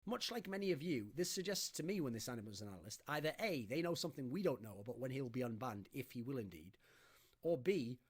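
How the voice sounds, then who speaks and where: A man co-hosting an esports podcast, talking in an animated, rambling, self-mocking way. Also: medium pitch, quick pace, slightly rough. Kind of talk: casual chat.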